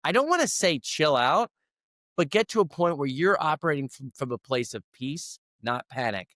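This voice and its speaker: A man's voice: fairly high pitch, big pitch swings, moderate pace, a bit bright, no echo, studio quality. A middle-aged man, a leadership coach, telling a personal story in an interview in an earnest, conversational way. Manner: earnest storyteller who acts out quoted dialogue.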